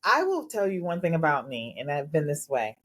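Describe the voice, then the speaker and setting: A middle-aged woman co-hosting a podcast with a notably low voice. She talks in a measured, reflective manner and speaks candidly about her own habits. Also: sing-song, a bit bright. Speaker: podcast co-host. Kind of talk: casual chat.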